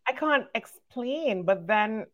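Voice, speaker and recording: A woman's voice: on the high side, animated, slow, a bit bright, muffled recording. A woman hosting a casual video podcast over a remote call, bubbly and teasing, laughing often. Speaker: podcast host. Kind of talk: casual chat. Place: home in Atlanta.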